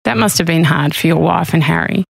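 A woman podcast host asking gentle, probing questions in an interview. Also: low voice, fairly quick, gravelly, husky, no room sound, low-quality recording. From Australia.

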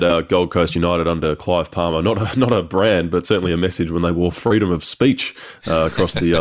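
A man on a football podcast, briskly delivering news items. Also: deep voice. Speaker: podcast co-host. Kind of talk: sports news chat.

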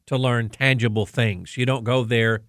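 A man co-hosting a talk radio show, speaking in an emphatic, deliberate way. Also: medium pitch, fairly even intonation, fairly bright tone, no room sound, studio quality. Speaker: radio co-host.

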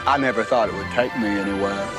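An actor playing a slow-spoken, simple-hearted Southern man in a film trailer, talking in a plain, earnest drawl over loud music. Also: lowish voice, steady tone, lightly acted.

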